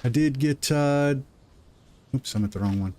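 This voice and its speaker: Talking into a desk microphone at home, a middle-aged man hosts a live gaming stream, rambling and poking fun at himself as he narrates his progress. His mid-range voice is warm and unhurried, with slight background noise.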